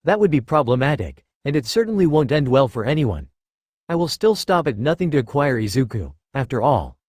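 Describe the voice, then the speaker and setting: A man voicing a faceless, manipulative villain mastermind who threatens slowly and smoothly, read as part of an audiobook. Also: mid-range voice, big pitch swings, darkish tone, no room sound, clean studio sound. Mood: coldly threatening. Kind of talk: audiobook character voice.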